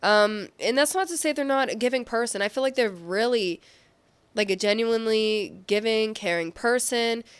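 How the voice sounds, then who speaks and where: A woman gives an informal tarot reading at a moderate pace, her fairly high voice clear and resonant. She drifts along loosely, uses plenty of fillers, and amends her words mid-thought.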